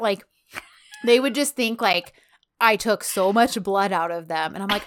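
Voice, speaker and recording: A woman's voice: mid-range voice, a little slow, no room sound, studio quality. A woman co-hosting a casual chat, talking in a chatty way with frequent laughs and lots of "like". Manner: chatty, laughs often, many fillers like "like". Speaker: podcast co-host.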